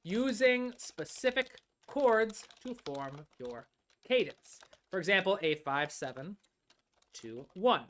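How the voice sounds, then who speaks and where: A woman's voice: lowish voice, sing-song, slow pace. A woman teaching music composition on a live stream, explaining step by step, often drawing out words while she thinks and checking in with "all right?".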